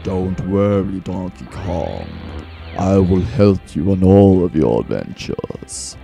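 A big, good-natured crocodile speaks in a low, gravelly voice, as a man puts him on. His delivery is slow and dark, and the recording is dry and close. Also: very animated, soft background music, full character voice. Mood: kindly. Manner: deep put-on voice. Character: big gentle male crocodile, now cheerful and helpful. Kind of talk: reading game dialogue aloud in voices.

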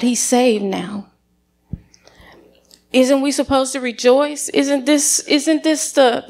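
A middle-aged woman giving an animated, dramatic personal testimony at church. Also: high-pitched. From United States.

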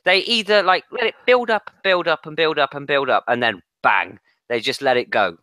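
A man's voice: on the high side, moderate pace, pushed and bright, dry recording. A man co-hosting a late-night football podcast, blunt and sweary, often restarting his sentences. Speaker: podcast co-host. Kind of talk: casual late-night chat.

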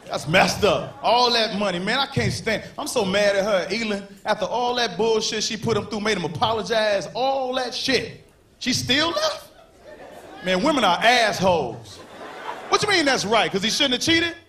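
A man doing a stand-up comedy set on a stage, loud and animated, shouting punchlines and acting out characters. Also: sits high, normal speed. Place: comedy stage before a live audience. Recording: live show with crowd noise. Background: audience laughter.

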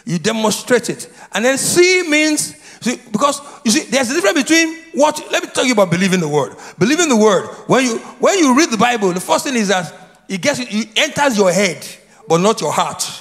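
A man's voice: extremely high pitch, sing-song, fairly quick, fairly bright tone. A man preaching a sermon as pastor, leading the congregation in call and response with repeated questions and answers. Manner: repetitive, prompts congregation to answer. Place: church sanctuary. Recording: long hall reverb.

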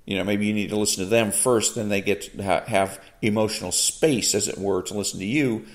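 Lower-voiced man musing in halting commentary. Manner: unhurried, halting, many fillers and restarts. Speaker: podcast host. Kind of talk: solo commentary reading and reacting to a quote.

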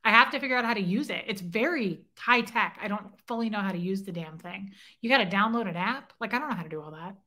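Bright-voiced chatty woman livestreaming. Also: mid-range voice, expressive, quick pace, few pauses. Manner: chatty, self-deprecating, teasing viewers. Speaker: livestream host. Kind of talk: casual livestream chat reading comments. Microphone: phone.

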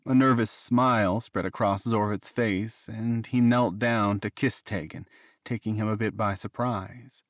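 A man reading a fantasy romance audiobook in a measured, even narration. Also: fairly low pitch, no echo, clean studio sound. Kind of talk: scripted narration.

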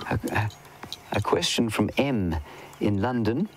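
Out in the bush, a safari guide keeps up an enthusiastic, chatty live commentary on the wildlife, replying to viewer questions and sometimes dropping to a whisper. His voice sits lowish with a slight brightness, and the rough recording has a little hiss or hum.

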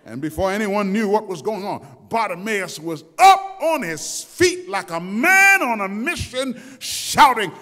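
High lively preacher guy, slow and dramatic, shouting the big lines in a reverby church. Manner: dramatic storytelling, shouting out the quoted cries. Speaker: pastor. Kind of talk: sermon. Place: church sanctuary.

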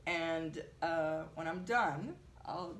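A woman being interviewed, telling an animated story with lots of fillers. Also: deep voice, extremely slow, roomy sound, slight background noise. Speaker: translator, interviewee. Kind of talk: conversational interview.

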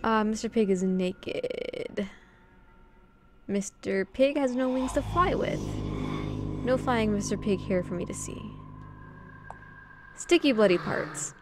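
She speaks slowly with long pauses, sounding animated at a medium pitch over a noisy background. Playing a horror adventure game, the woman reads its text and dialogue aloud in her own voice and adds dry humor, captured on a studio condenser mic with game music playing.

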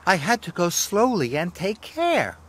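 Brief: man doing a soft, wheezy, careful old engine, higher than the narration. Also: huge pitch swings, measured pace, heavily acted. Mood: gentle. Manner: soft, breathless and apologetic. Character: gentle old male steam engine, patient and careful.

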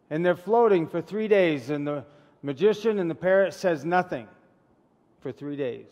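Male pastor, casual chatty sermon style, fairly high voice, long church reverb. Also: normal speed, a little mellow, dull audio. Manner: chatty, asks the congregation questions. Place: church sanctuary.

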